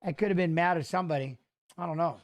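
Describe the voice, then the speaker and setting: A man's voice: fairly high pitch, fast talker. A middle-aged man, a former fighter, telling loose, rambling stories with frequent restarts during a casual watch-along of a fight. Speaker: former fighter and guest commentator.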